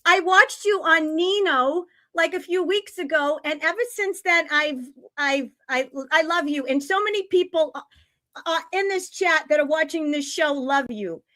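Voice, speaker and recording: A woman hosting her own livestream talk show, her voice sitting high. She chats casually and gets excitable and gushing, with a blunt edge. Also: normal speed. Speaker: show host.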